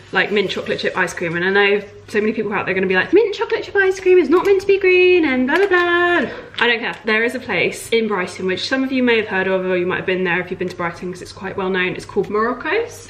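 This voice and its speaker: A young woman chatting casually in a home vlog, bubbly and often dropping into a soft half-whisper. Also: mid-range voice, a little hiss or hum. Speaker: vlogger.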